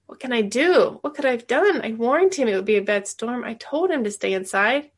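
A woman reading the lines of an earnest, guilt-ridden young man in a novel, in a pleading, halting way. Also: medium pitch, steady tone, creaky, close to an everyday voice. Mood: distraught.

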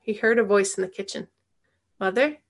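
A woman reading a novel aloud, sometimes pausing to explain the text to a listener. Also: medium pitch, fairly even intonation, a bit bright. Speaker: reader.

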